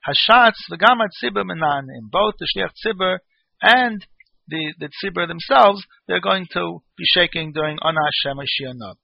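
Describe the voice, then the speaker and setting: Guy teaching a torah law class, reads then explains, a bit high, dry and muffled. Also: creaky, dry recording. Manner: reads Hebrew phrases then explains in English. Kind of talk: reading and explaining a law text.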